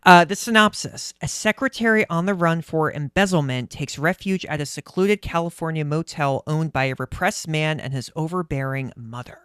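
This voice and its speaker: A man's voice: fairly high pitch, moderate pace, few pauses, fairly bright tone, smooth, dry recording, clean studio sound. A man co-hosting a casual podcast, chatty and rambling, laughing often, sleep-deprived. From United States. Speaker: podcast co-host. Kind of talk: casual chat.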